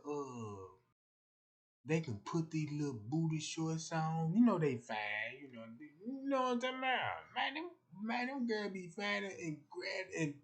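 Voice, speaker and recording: A young man, rambling loosely on a casual livestream and acting out the voices he quotes. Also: high-pitched.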